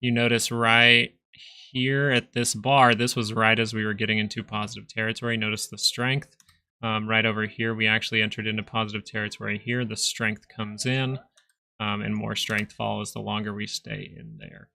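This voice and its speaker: Gravelly-voiced young man narrating stock charts. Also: lowish voice, level tone, moderate pace, bright, forceful tone. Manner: chatty, rambling, reads chat aloud. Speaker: stock market livestream host. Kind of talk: casual live market commentary.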